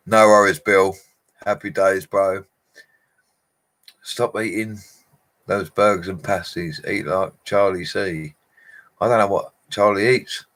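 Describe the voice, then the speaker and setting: Low-voiced tradesman chatting on a livestream, matey and quick to laugh while reading comments. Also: fairly bright tone. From England. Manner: chatty, laughs often, talks to viewers as mates. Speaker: bricklayer livestreamer.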